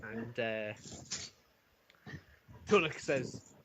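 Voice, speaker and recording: A man running a tabletop game as game master, narrating haltingly with many pauses and restarts over an online call. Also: medium pitch, noisy background.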